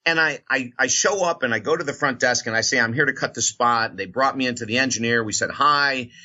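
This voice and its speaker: Male radio host, bright tone, animated storyteller, muffled lo-fi audio. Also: mid-range voice, fairly quick. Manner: animated storyteller acting out quoted voices. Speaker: radio host and motivational speaker. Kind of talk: storytelling interview answer.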